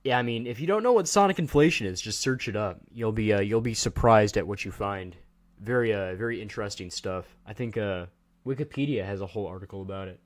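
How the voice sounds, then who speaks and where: A man's voice: lowish voice, quick pace. A man hosting a livestream, chatting casually and joking as he rambles and talks to his chat. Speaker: livestream host.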